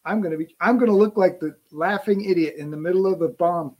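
A man's voice: sits high, fast, highs cut off. A middle-aged man hosting a podcast, talking earnestly in casual conversation and often restarting his phrases. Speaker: podcast host.

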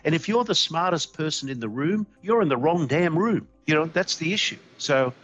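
A middle-aged Australian man, a company CEO being interviewed, telling stories in a folksy, animated way and acting out quotes. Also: fairly high pitch, moderate pace, muffled recording. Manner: animated, folksy storyteller who acts out quotes. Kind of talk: interview conversation.

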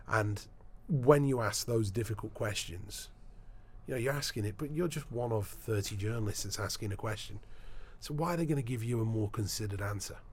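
A man being interviewed as a sports broadcaster, telling animated anecdotes in a casual chat, often restarting his sentences. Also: on the low side, fairly quick, slightly rough.

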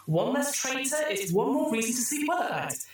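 A woman voicing a cheerful, bureaucratic surveillance computer that makes slow, officious announcements. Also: sits high, big pitch swings, recorded from a distance, a little hiss or hum, voice pushed up. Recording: echoey room.

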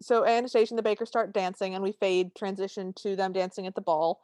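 A woman's voice: medium pitch, fairly even intonation, quick pace, darkish tone, dry recording. A woman with a middle-range voice co-hosts a casual podcast and narrates the scenes of a film with wry humor and frequent laughs. The recording is close and dry. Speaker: podcast co-host. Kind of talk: casual chat recapping a film.

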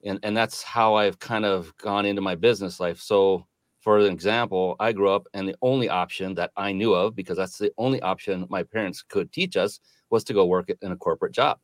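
A man's voice: lowish voice, a little fast, no room sound. A middle-aged man answering as a podcast guest, reflective and earnest with some hesitations. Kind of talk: casual interview conversation.

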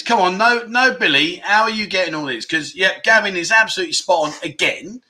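A man's voice: high voice, brisk, pushed and bright. A man hosting a casual livestream, chatty and joking as he reads out viewer comments. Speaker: livestream host.

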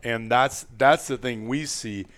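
Man, podcast host, casual chat, rambling, chuckling, average pitch. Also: unhurried, fairly bright tone. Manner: rambling, chuckling, restarts sentences.

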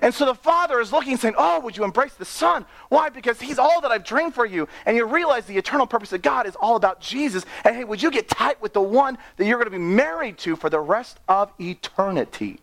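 A young man preaching a sermon, animated and playful, reading scripture and laughing at his own asides. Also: extremely high pitch, quick pace, vocal fry, hardly any pauses.

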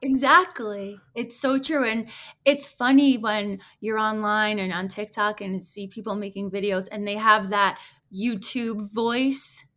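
A woman's voice: medium pitch, steady tone, a little slow, sharp tone. A woman guest in a casual conversation, speaking bluntly and frankly.

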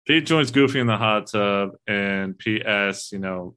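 A man's voice: fairly low pitch, a little slow, bright, forceful tone, clear, resonant tone. A man in casual podcast talk, animatedly retelling a film scene and quoting its lines, with the odd swear.

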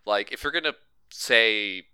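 A man's voice: on the low side, expressive, unhurried, pushed and bright, clear, resonant tone, no room sound. A man co-hosting a casual movie podcast, riffing sarcastically and rambling with a lot of swearing. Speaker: podcast co-host.

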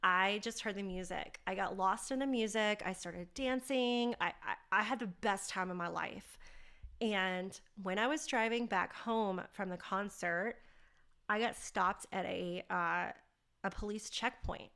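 A woman's voice: mid-range voice, unhurried, vocal fry, bright, forceful tone. A woman hosting a podcast, telling a personal story candidly and with animation. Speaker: podcast host.

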